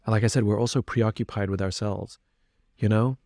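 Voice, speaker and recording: A man's voice: on the low side, steady tone, fairly quick, darkish tone, dry recording, studio quality. A man speaking as a podcast guest, talking earnestly and reflectively with frequent restarts. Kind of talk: candid conversation.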